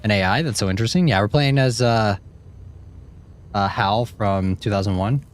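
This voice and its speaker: A man's voice: fairly low pitch, moderate pace. A man casually commenting while he plays a horror game, wry and reading prompts aloud. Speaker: streamer playing a game. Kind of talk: casual let's-play commentary.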